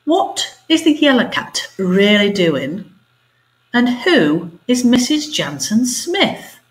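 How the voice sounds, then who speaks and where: A woman teacher reading a story aloud to her pupils, expressive and animated. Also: a little high, slow. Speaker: primary school teacher. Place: home.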